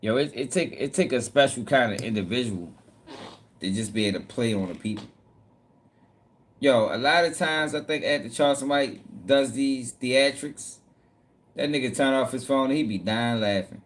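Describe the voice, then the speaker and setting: A man's voice: mid-range voice, moderate pace. A man hosting casual news commentary, talking bluntly in profane slang. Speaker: host.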